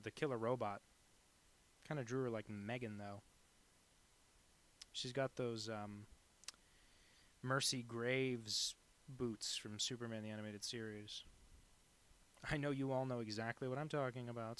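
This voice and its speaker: A man streaming live as a cartoonist, chatting casually while he draws and rambling through deadpan jokes. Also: mid-range voice, normal speed, pauses often.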